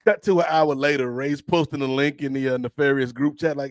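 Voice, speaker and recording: A man's voice: medium pitch, steady tone, fairly quick, no room sound. A man co-hosting a casual podcast, telling stories from his job and acting out the dialogue with lots of animation. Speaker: podcast co-host. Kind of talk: casual storytelling chat.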